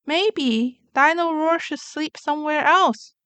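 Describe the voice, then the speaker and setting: A woman voicing a kind, jolly father pig with gentle, fatherly storybook delivery. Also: high voice, slow, no echo, pitched above the performer's own voice.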